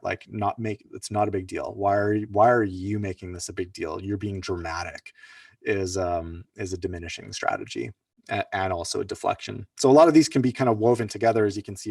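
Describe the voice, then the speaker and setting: A man's voice: on the low side, darkish tone, no echo, clean studio sound, distant mic. A man presenting at an online workshop, talking loosely with many fillers and restarts. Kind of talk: casual online teaching talk.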